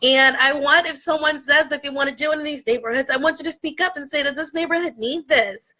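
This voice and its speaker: A woman's voice: high voice, fairly quick, pushed and bright, highs cut off. A woman real estate investor coaching her viewers in an earnest, impassioned talk, at times close to tears. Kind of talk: heartfelt direct-to-camera talk.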